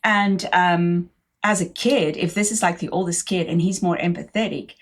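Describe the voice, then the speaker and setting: Middle-aged woman host with a low-set voice, thoughtful and conversational. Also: moderate pace. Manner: thoughtful, many fillers and affirmations. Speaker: podcast host. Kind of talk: casual conversational interview.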